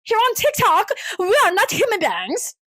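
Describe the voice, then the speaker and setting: A woman's voice: very high-pitched, wildly swooping pitch, moderate pace, pushed and bright, no echo, pitched above the performer's own voice, full character voice. A woman putting on the voice of a vapid young female social media influencer, in a sing-song, mock-sweet manner.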